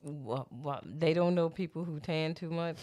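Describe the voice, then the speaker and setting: A woman's voice: low voice, measured pace, dark tone. A woman co-hosting a podcast in casual chat, blunt and profane, laughing often. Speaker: podcast co-host.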